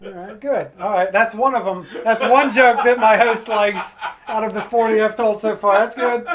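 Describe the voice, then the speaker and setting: A man doing a stand-up comedy set, crude and energetic, breaking into acted-out voices for his punchlines. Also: high-pitched, moderate pace, a crowd in the background. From Pacific Northwest of the USA. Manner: crude, energetic joke delivery with acted-out quotes.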